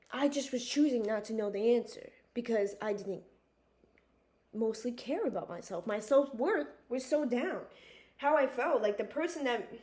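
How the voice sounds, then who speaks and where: Young woman venting on her vlog, earnest, lots of "like", kinda high voice, roomy echo. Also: darkish tone. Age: young adult. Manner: emotional, earnest, repeats herself, frequent "like" and restarts. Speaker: vlogger. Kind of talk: personal confessional talk to camera.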